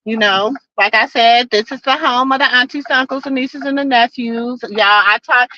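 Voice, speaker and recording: A woman's voice: fairly high pitch, moderate pace, pushed and bright, no room sound. A woman hosting a live stream, chatting in a folksy, preachy way and calling her viewers baby and child. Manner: folksy, calls viewers baby and child, repeats "you know what I'm saying". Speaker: livestream host. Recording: dull, lo-fi live stream audio.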